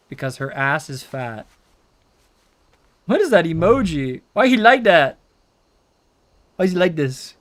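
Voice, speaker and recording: A man's voice: mid-range voice, a bit bright, clear, resonant tone. A young man streaming a game, chatting casually and playfully with his chat, rambling and throwing in meows. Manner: playful, rambling, reacts to chat, says meow. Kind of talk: casual live-stream chatter while gaming.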